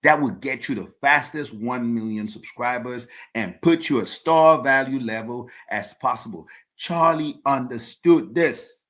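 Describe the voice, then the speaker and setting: A man's voice: mid-range voice, unhurried, fairly bright tone. A man hosting his own podcast, delivering an emphatic opinion monologue and repeating words as he builds his points. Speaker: podcast host.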